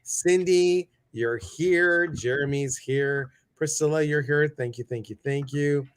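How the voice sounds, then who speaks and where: A man's voice: fairly high pitch, slow pace, clean tone. A man hosting a casual livestream talk show, chatty and upbeat as he greets viewers one by one.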